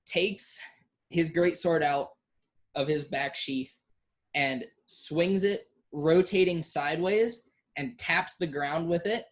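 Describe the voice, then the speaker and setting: A game master narrating a tabletop game, unhurried, with many ums and restarts. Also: medium pitch.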